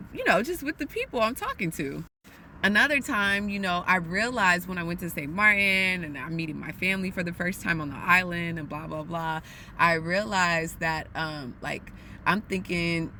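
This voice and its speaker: A woman's voice: medium pitch, pushed and bright, a little hiss or hum. A woman from the United States talking casually and animatedly to her listeners, calling them y'all. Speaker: podcast host.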